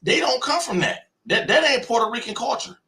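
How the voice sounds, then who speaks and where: A man's voice: very high voice, expressive, brisk, sharp tone. An American man hosting a live stream, talking in an emphatic, repetitive way and acting out other people's voices. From United States. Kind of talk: heated opinion talk on a live stream.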